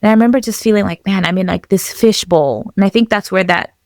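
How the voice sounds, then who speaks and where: A young woman from Zambia telling a personal story as a podcast guest, reflective and halting, with many fillers. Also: mid-range voice, darkish tone, no room sound, studio quality.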